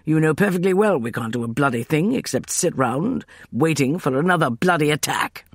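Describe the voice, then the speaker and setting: A man voicing a gruff, irascible male archaeologist who growls his words in exasperation. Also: a little high, lively intonation, fairly quick, no room sound. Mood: exasperated.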